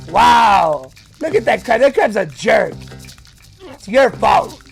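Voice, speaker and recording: A man hosting a reaction video, narrating and exclaiming excitedly at what he watches. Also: extremely high pitch, slow, vocal fry, faint music behind. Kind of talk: live reaction commentary.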